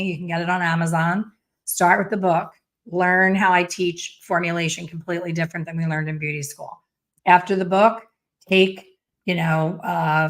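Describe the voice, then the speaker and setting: A woman in her fifties hosting a live stream, talking in a blunt, chatty way with a sassy edge. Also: fairly low pitch. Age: 50s. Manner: blunt, chatty, storytelling with sassy put-on voices. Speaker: hair color educator hosting a live stream. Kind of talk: casual live-stream chat.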